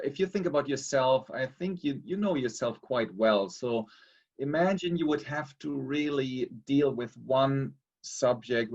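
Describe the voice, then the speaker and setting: Man in a webinar discussion, measured and hesitant, dull lo-fi sound. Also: medium pitch, a little mellow. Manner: measured, hesitant, many fillers. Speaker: theology lecturer.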